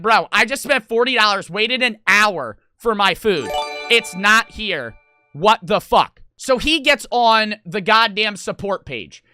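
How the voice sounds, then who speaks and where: A young man tells a story on stream in an animated, excitable rush, swearing freely and hitting his words hard. His voice is bright and forceful, with a lively pitch that jumps all over. The sound is close and dry. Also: clear, resonant tone, dry recording. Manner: excitable, swears a lot, rapid and emphatic. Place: gaming house room.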